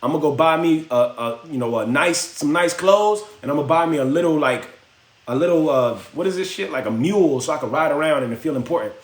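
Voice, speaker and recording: A man's voice: on the high side, animated, a little fast, lightly acted. A man voicing a naive, eager young male scribe who talks in a casual, slangy, defensive way. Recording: roomy echo.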